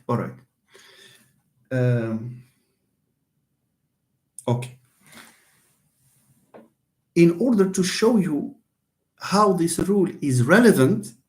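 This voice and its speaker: Lively Moroccan lecturer, repeats key words. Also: male voice, on the high side. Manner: switches between English, Moroccan Arabic and French, repeats key words for emphasis. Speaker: university English lecturer. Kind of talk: classroom lecture.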